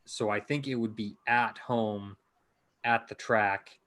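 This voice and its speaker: A man's voice: on the low side, steady tone, takes it slowly, a bit bright. A man co-hosting a car podcast in casual chat, rambling and stumbling over his words. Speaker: podcast co-host.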